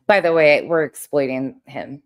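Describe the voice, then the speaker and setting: A woman hosting a casual livestream, talking bluntly with plenty of swearing. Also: low-pitched. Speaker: streamer host.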